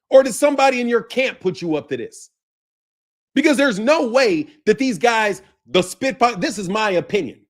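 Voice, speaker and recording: Heated, high-voiced man ranting. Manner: heated, confrontational, profane, repeats himself. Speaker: boxing channel host. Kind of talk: ranting commentary to camera.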